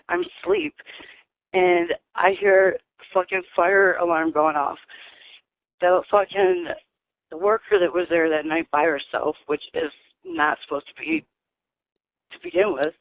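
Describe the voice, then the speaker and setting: A woman's voice: lowish voice, vocal fry, no room sound. A woman calling in by phone, venting in an angry, profane rush. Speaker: caller. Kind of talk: venting phone call to a radio show. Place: residential treatment facility. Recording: tinny phone line.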